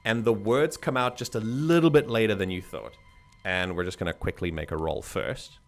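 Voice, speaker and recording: Brief: low-pitched male game master, loose and chatty, faint music underneath. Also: moderate pace. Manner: rambling, frequent restarts, chuckling. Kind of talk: narrating a tabletop game.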